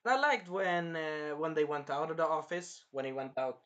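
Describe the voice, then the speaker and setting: Young guy in his twenties, slightly high voice, loose rambling reviewer who bursts out loudly now and then. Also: normal speed, muffled recording. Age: early 20s. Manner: rambling, jumps between topics with sudden loud bursts. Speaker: film reviewer. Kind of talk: casual rambling movie review.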